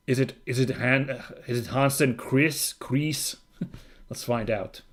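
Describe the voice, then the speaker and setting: A man streaming a story game, reading its narration aloud and breaking into chatty, excited asides. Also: medium pitch, unhurried. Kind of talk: reading game text aloud with casual commentary.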